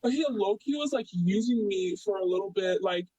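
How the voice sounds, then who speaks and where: A young man telling a story casually as an interviewee, rambling with many fillers and animated retellings. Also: sits high, moderate pace, no echo, low-quality recording.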